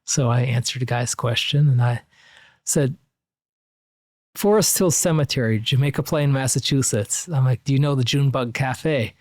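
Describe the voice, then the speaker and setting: A man's voice: medium pitch, moderate pace, a little mellow, no echo, clean studio sound. A middle-aged American man who collects antique electrical machines, telling a long personal story in a rambling way, full of "like" fillers. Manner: rambling anecdotal, frequent "like" fillers. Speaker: museum curator. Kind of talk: casual storytelling.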